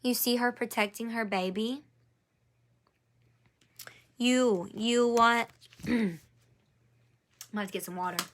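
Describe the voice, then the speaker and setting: A woman's voice: fairly high pitch, fairly even intonation, slow, pauses often. Woman giving an encouraging card reading. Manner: encouraging, repeats phrases, addresses viewer by name. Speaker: angel card reader. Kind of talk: live-streamed card reading.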